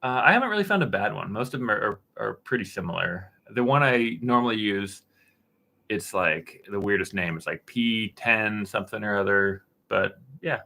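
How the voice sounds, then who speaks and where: A man in his thirties, with a voice that sits somewhat low, answers viewers' questions on a live stream in a loose, unhurried way. He drifts between answers with fillers and restarts, chatting from his dark-painted studio room. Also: creaky. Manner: relaxed, rambling, many fillers and restarts. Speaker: woodworking channel host answering live chat.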